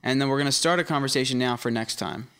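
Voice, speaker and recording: A young man in his twenties riffing on a casual podcast, firing off crude jokes and repeating his co-host's lines for laughs. His voice sits at an ordinary mid pitch. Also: vocal fry, fairly bright tone, clear, resonant tone. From United States. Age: 20s. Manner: crude jokes, quick banter, repeats partner's words. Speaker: podcast co-host. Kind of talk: casual chat.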